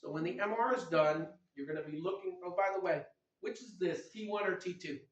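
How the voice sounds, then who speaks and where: Middle-aged male lecturer, slightly high voice, punchy and playful, quizzes the room; echoey, muffled hall sound from a distance. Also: fairly quick. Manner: energetic, teasing, asks the audience questions. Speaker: lecturer at a medical workshop. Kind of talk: lively medical lecture.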